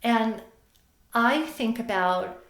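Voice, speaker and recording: A woman being interviewed as a podcast guest, a therapist and coach speaking in an effusive, animated way. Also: fairly high pitch, extremely slow, reverberant.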